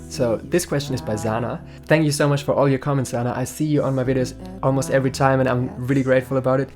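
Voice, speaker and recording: A young man from Germany, chatting upbeat and jokey as he answers viewer questions in a vlog. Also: mid-range voice. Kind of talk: casual Q&A vlog. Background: faint guitar music.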